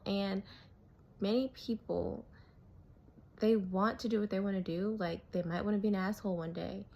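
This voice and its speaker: A woman vlogger talking casually to camera, candid and swearing freely, with many fillers. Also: mid-range voice. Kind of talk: casual opinion monologue.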